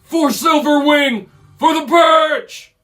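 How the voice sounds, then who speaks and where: A man voicing a wounded male snow leopard beastfolk warrior who shouts commands to protect his friends. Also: extremely high pitch, slow pace, pitched above the performer's own voice, full character voice. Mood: defiant.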